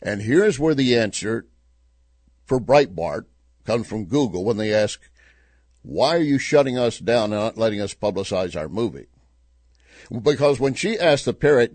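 On his talk radio show, a middle-aged man riffs on the news and tells a joke, an animated storyteller full of chuckling asides. His pitch is fairly low and his speed normal, though he pauses often; the recording is dry.

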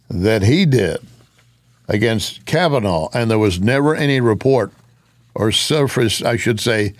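A man's voice: mid-range voice, no room sound, studio quality. A man giving an opinionated political commentary monologue, with sarcastic asides.

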